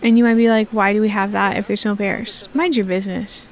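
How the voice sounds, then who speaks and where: A woman's voice: medium pitch, fairly even intonation, a little fast, slight background noise. A young woman giving casual, joking commentary to herself while she plays a game. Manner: chatty, joking, talks to herself. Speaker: gaming video creator.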